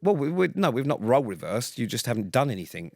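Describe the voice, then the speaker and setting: A man's voice: medium pitch, very animated, fast, gravelly, a little mellow, no room sound, studio quality. A man co-hosting a podcast, telling stories in casual chat, sweary and full of fillers. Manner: sweary, rambling storyteller with many fillers. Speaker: podcast co-host.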